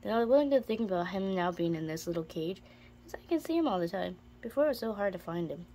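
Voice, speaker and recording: Woman, reptile-keeping vlogger, casual and chatty, gravelly low edge, dark tone, faint hum behind. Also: animated, fast. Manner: chatty, switches to high baby talk with her pets. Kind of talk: casual vlog talk to camera. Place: indoors in a room full of reptile enclosures.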